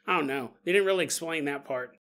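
A man's voice: on the high side, quick pace, fairly bright tone. A man hosting a podcast on his own, talking casually, joking and laughing often, and acting out quoted voices. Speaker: podcast host. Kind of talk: casual solo podcast monologue.

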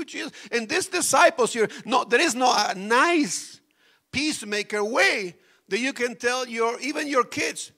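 A man preaching a sermon as a pastor, swinging between loud outbursts and soft near-whispers and questioning his congregation directly. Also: very high-pitched, lively intonation, normal speed.

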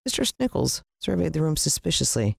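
Reading a little fast, a narrator with a gravelly voice and a breathy edge brings a children's adventure story to life, pitching up sharply for dialogue. The recording is dry and of studio quality.

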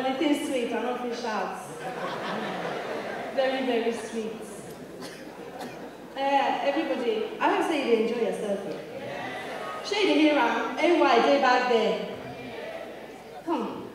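A woman's voice: fairly high pitch, background noise. Woman doing stand-up in an echoey theatre. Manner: chatty, teasing the crowd, lots of interjections. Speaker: stand-up comedian. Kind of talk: stand-up set in Nigerian Pidgin. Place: large theatre stage. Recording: echoey theatre hall from a distance.

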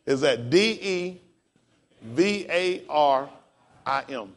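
A pastor teaching a class in a casual, encouraging way, spelling words out letter by letter. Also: male voice, a little high, expressive, slow pace.

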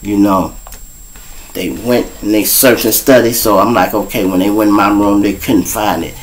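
A man's voice: lowish voice, steady tone, moderate pace, rough recording. A man hosting his show, telling a story in a casual, profane way and speaking straight to his audience. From Chicago. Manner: profane, keeps addressing the audience as y'all. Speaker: show host.

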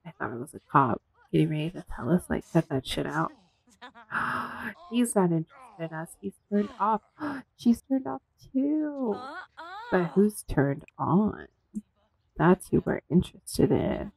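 A woman commentating casually on her own gameplay, gasping and voicing the characters in quick asides. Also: fairly low pitch, big pitch swings, vocal fry, a little mellow, breathy edge, rough recording. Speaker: gameplay streamer. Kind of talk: casual let's-play commentary.

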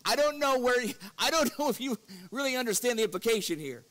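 A man's voice: animated, fast talker, a bit bright. A man preaching an evening church lesson, earnest, reading scripture with rising force and chuckling through personal stories. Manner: earnest, rises in pitch and force when quoting scripture; breaks into chuckles while telling stories.

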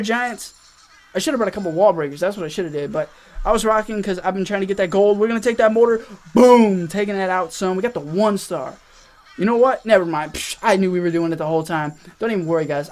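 A young man hosting a gaming channel, rambling excitedly to viewers as he plays a mobile strategy game and comments on each move. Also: sits high. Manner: excitable, rambling, talks to viewers while playing. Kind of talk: casual gameplay commentary. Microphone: face cam.

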